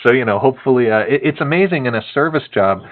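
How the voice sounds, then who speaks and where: A man casually telling a long story to a co-host, animated and laughing often, with many fillers. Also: medium pitch, fast talker, narrow, tinny audio.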